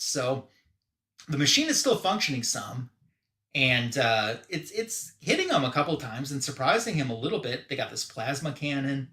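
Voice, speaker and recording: A man's voice: medium pitch, big pitch swings, moderate pace, pushed and bright. A man hosting a live show and casually recapping a comic book story, quoting the characters loosely. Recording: roomy echo.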